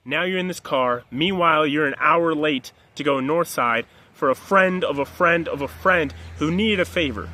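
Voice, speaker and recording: A man's voice: on the high side, normal speed, few pauses, pushed and bright. A man coaching his listeners through a long spoken story, acting out the people in it with raised, pleading voices and talking bluntly. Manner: blunt, direct, swears. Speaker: life coach. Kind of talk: motivational monologue told as a story.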